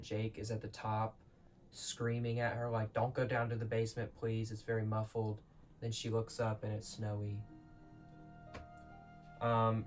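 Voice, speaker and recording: A man's voice: lowish voice, darkish tone. A man talking casually through his thoughts on a film, rambling and restarting himself often. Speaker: vlogger explaining a film. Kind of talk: casual unscripted commentary. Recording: faint music behind the voice.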